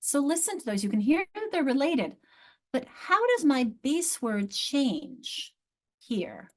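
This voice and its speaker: Speaking slowly in a high voice with big pitch swings, this middle-aged woman runs a live online workshop for teachers through her video call mic. As a literacy instructor, she stresses her points and repeats key words.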